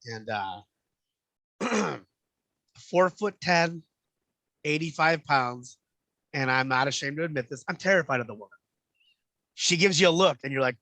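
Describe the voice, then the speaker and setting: A man's voice: on the high side, moderate pace, long pauses, no room sound. A man in a casual podcast chat, telling stories with lots of energy, acting out the people he quotes and swearing freely. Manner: animated storyteller, acts out quoted voices, swears freely. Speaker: podcast guest.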